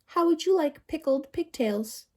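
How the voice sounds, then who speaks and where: A woman voicing a temperamental female schoolteacher in a children's audiobook, high and sharp, swinging from snapping to sweetly apologetic. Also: animated, unhurried. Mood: menacing. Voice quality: high, sharp and shouty when angry.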